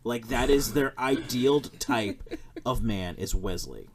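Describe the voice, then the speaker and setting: A young man hosting a podcast, chatting casually about a film in a blunt, profane, animated way. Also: mid-range voice, takes it slowly, a little hiss or hum. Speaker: podcast host.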